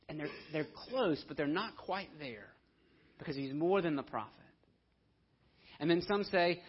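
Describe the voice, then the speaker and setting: A man's voice: a little high, normal speed, slightly rough. A man preaching a conversational sermon, now and then acting out the voices of the people in his story. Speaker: pastor. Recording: dull lo-fi audio.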